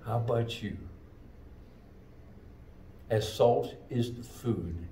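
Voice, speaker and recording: A male pastor preaches in a church, his voice set back from the microphone and ringing off the room. He speaks very slowly and leans hard on key phrases. His pitch sits in an ordinary middle range for a man. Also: mellow, slight background noise. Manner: slow, emphatic preaching with drawn-out phrases. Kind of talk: sermon. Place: church sanctuary. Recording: echoey church room, mic at a distance.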